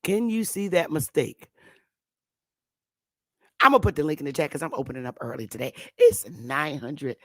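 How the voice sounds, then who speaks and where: A woman's voice: deep voice, big pitch swings, normal speed, pauses often, dry recording, studio quality. A woman hosting a live stream, ranting with emphatic, profane talk and repeating the same rhetorical questions. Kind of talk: heated live-stream rant.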